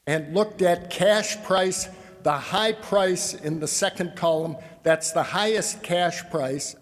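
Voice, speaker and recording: A man giving a conference talk on grain marketing in a folksy, wry way, calling his audience "people.". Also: a little high. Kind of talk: conference presentation. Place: convention hall. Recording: long reverb of a large hall.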